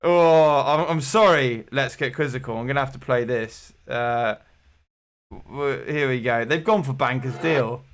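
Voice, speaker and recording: A man's voice: medium pitch, measured pace, fairly bright tone. A man hosting an online quiz with jokey, rambling game-show patter. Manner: jokey, rambling, playful showman.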